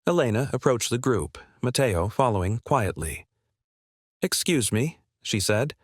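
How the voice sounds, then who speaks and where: A man reading a scripted story in an even, measured way. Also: medium pitch, no room sound, studio quality. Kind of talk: scripted narration.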